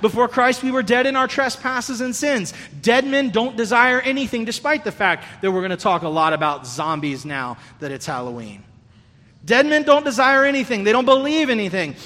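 A man with an extremely high, fairly bright voice preaches a sermon as pastor, earnest and conversational, frequently restarting his phrases. The recording has a long hall reverb.

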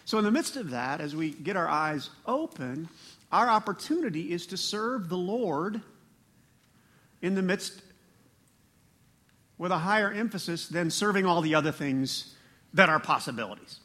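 A man preaching a sermon as pastor, animated, with laughing asides and rising emphasis. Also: sits high, normal speed, pauses often.

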